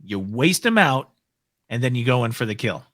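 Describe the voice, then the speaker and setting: A man's voice: mid-range voice, big pitch swings, moderate pace, fairly bright tone, dry recording, clean studio sound. A man playing a tabletop game, coaching a fellow player in short, punchy phrases. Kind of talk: casual tabletop play.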